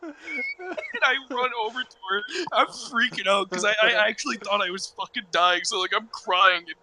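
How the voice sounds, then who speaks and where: A young man telling childhood stories in casual chat, animated, laughing and swearing often. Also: high-pitched, fairly quick, very noisy.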